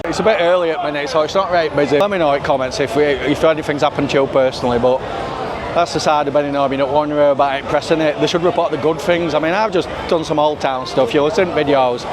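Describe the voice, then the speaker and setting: A man's voice: a little high, steady tone, quick pace, a crowd in the background. A man with a Yorkshire accent chatting casually to camera while walking a busy street at night, rambling in broad dialect. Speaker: travel vlogger. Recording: street noise with passing traffic.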